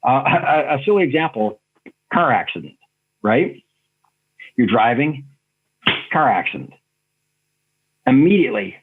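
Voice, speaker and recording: Man with a husky voice on a tinny line. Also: mid-range voice, lively intonation, measured pace, pauses often. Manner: earnest, explains with examples and stories. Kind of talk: reflective conversational storytelling.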